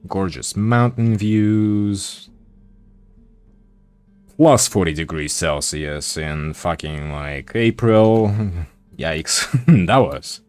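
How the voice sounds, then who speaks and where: A man's voice: low-pitched, lively intonation, very slow, a little mellow, clean tone, soft background music. A man streaming while he draws, chatting casually and swearing offhandedly. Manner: laid-back, swears casually. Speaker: art streamer.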